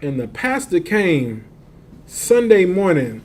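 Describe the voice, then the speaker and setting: A man's voice: sits high, big pitch swings, slow pace, darkish tone. A man telling a long street story in casual slang, laughing often and acting out the other voices.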